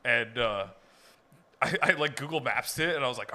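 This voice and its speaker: A man's voice: mid-range voice, a little fast, sharp tone. A man from Florida telling comic stories on a podcast, slangy and laughing, saying dude a lot. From Miami area, Florida. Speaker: comedian podcast co-host. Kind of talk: casual comedic storytelling.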